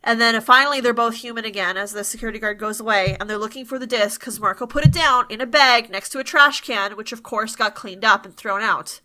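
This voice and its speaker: Woman podcast host, chatty and laughing, kinda high bright voice, swears a lot. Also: a little fast, few pauses. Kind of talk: casual chat recapping episodes.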